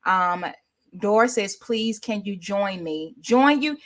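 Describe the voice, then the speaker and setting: A woman's voice: mid-range voice, slow, a bit bright. A woman from Washington, D.C. hosts a casual livestream chat. She reads viewer comments aloud and rambles on in an easygoing way over a video call. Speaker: livestream host.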